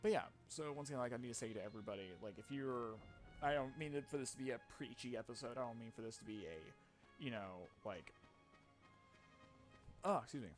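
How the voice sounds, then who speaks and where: A man's voice: mid-range voice, brisk, soft background music. Rambling, profane young man. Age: young adult. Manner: rambling, profane, self-mocking. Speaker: let's play commentator. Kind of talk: casual gameplay commentary.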